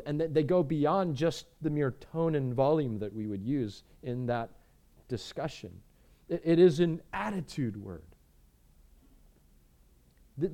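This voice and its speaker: An earnest male pastor delivering a sermon in a slightly higher voice. He presses his points with repeated words and moves between emphatic lines and quiet, measured ones.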